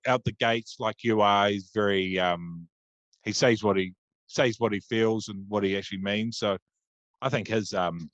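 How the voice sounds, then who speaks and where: A man's voice: fairly low pitch, dry recording, lo-fi sound. A man hosting a casual podcast interview, rambling with many ums and restarts. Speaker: podcast host. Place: Auckland, New Zealand.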